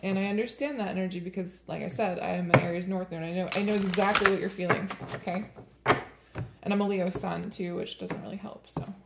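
A woman's voice: on the low side, fairly even intonation, a little fast, gravelly, roomy sound, very noisy. A woman giving a tarot reading to camera in a casual, rambling way, chatting and laughing between the cards. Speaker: tarot reader.

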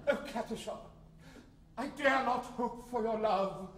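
A comic lovesick suitor. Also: male voice, very high voice, a little slow, slight background noise. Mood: pleading. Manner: overblown theatrical pleading, then sung ballad. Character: comic lovesick man wooing a fierce older woman. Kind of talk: comic light opera stage performance. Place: theatre stage. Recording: roomy stage sound with loud orchestra.

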